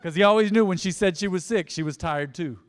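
A man preaching in a church, his fairly high voice carried by a long reverb. He's an emphatic pastor who swings from loud peaks into near-whispered drops. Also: fast talker. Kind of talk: sermon. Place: church sanctuary.

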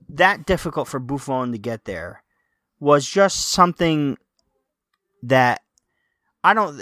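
Recorded close, dry and a bit bright with no surrounding room, this middle-pitched Napoli fan co-hosts a laid-back football podcast. He grows emotional as he talks, stumbling and restarting sentence after sentence.

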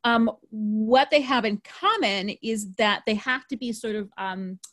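Chatty woman with a higher voice. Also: unhurried, fairly bright tone. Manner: chatty and upbeat, frequent ums and likes. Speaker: podcast host. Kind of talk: casual folklore chat.

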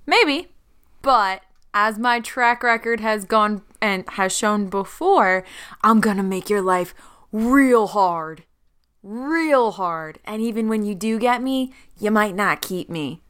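A defiant woman outlaw taunts with sarcasm and sly charm, as a woman puts her on. The voice is clear and smooth, pitched a little high, in a tabletop game. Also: a little slow, a bit bright, natural voice. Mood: sarcastic taunting.

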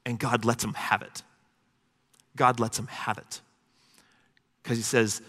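A male preacher delivering a sermon in a conversational, easygoing way, with asides to his listeners. His voice is mid-pitched, bright and forceful. A long hall reverb trails behind every word. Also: little pitch movement, unhurried, long pauses.

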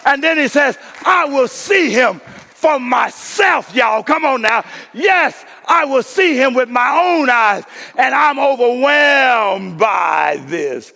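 A pastor preaches in call-and-response style, urging his flock again and again with "come on now." His extremely high voice is creaky, pushed and bright, with lively intonation and an unhurried pace, echoing through the reverberant church sanctuary.

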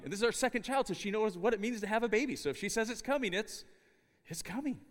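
Middle-aged guy preaching in a chapel, bit high-pitched, funny storyteller, big reverby hall. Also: fast. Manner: animated storytelling with humor. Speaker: chapel speaker. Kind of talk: sermon. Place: university chapel.

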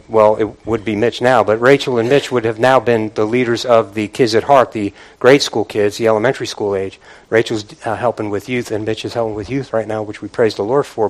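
An older man, a pastor, preaching a sermon to his congregation, moving from quiet reflection to fervent exhortation and calling out to the room. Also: medium pitch. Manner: builds from quiet musing to impassioned preaching; calls out "Amen?" and "come on" to the congregation.

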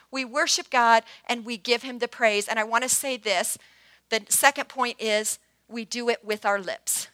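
Woman in her 50s preaching, kinda high voice, dry close mic, goes quiet n prayerful then punchy. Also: fairly even intonation, normal speed, no echo. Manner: earnest, swings from hushed prayer to bright emphatic bursts. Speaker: pastor. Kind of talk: sermon.

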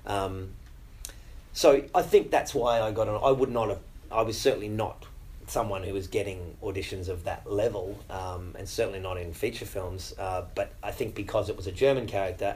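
A middle-aged Australian actor talking casually in an interview, chatty and self-deprecating, with many fillers and restarts. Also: male voice, lowish voice, fairly quick, a little mellow, poor audio.

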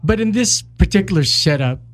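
A man's voice: high voice, lively intonation, moderate pace. A man interviewing a guest in casual chat, stumbling over his words and asking long, rambling questions. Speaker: podcast host, interviewer.

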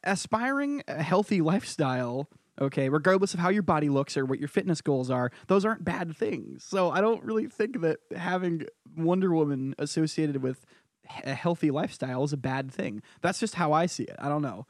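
A podcast co-host with a fairly high man's voice chats and teases, jumping in with quick remarks. The recording is dry, close and free of room sound. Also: lively intonation, no echo. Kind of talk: casual comedic podcast chat.

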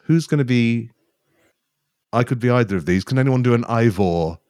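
A man co-hosting a podcast who tells stories quickly in casual comedic chat and laughs often. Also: mid-range voice, animated, a little mellow, no room sound, studio quality. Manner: rapid, giggly storytelling with frequent laughter. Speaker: podcast co-host.

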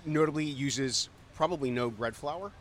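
A man's voice: medium pitch, moderate pace, a little hiss or hum. Chatty man with lots of filler. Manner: hesitant, filler-heavy, thoughtful, talks while eating. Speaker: podcast co-host. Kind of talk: casual food podcast chat. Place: restaurant.

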